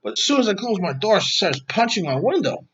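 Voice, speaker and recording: A man's voice: high voice, big pitch swings, fairly quick, fairly bright tone, lo-fi sound, slight background noise. A man hosting his own podcast vlog at home, telling a story in a rambling way with heavy profanity. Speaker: podcast host.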